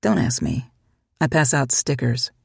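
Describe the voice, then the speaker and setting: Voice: medium pitch, very animated, unhurried, no echo, clean studio sound, exaggerated voice. A reader voicing a curt young town cop. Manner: blunt, gruff questions.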